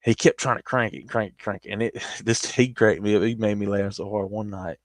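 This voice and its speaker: A man's voice: on the low side, fairly even intonation, a little fast, no room sound, studio quality. A man with a Southern US accent telling a long casual story on a stream, rambling with restarts.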